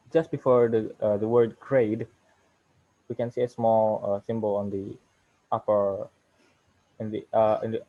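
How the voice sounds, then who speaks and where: Slow, halting young man presenting. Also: on the low side, mellow. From Indonesia. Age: young adult. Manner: halting, walks through slide examples. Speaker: student presenter. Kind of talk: class presentation on phonetics. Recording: muffled lo-fi recording.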